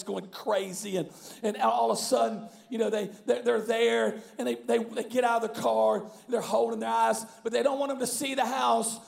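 A male pastor preaching a sermon, telling a story animatedly, with bursts of shouting and frequent restarts. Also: high voice, creaky. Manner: many repeated words and restarts.

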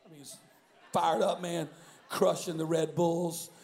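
A male pastor preaching a sermon, telling a story animatedly, with bursts of shouting and frequent restarts. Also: on the high side, flat delivery, unhurried, vocal fry. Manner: many repeated words and restarts.

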